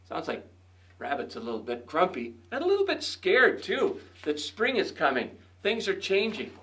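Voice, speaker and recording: A male educator hosting and reading a children's story aloud, chatting gently to the kids between pages. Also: high voice, wildly swooping pitch, moderate pace.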